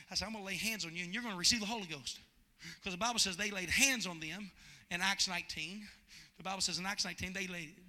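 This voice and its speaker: A male pastor preaching a sermon, swinging from loud shouting to hushed storytelling. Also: high voice.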